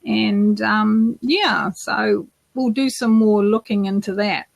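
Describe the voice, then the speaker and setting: A woman's voice: medium pitch, slow pace, creaky, no room sound. A woman from New Zealand co-hosting a beekeeping podcast, chatting casually with lots of fillers and restarts. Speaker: podcast co-host. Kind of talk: casual live Q&A chat.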